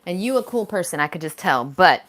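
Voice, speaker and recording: A woman's voice: lowish voice, expressive, brisk, a bit bright, a little hiss or hum. A woman hosting a livestream, answering a viewer comment in a blunt, heated, swearing rant. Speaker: livestream host.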